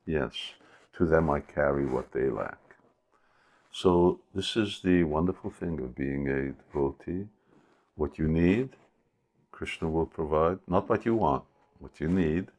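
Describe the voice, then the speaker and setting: Very deep, gravelly male preacher. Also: a little mellow. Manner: unhurried, hesitant storytelling with many pauses. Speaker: spiritual teacher. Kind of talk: sermon storytelling.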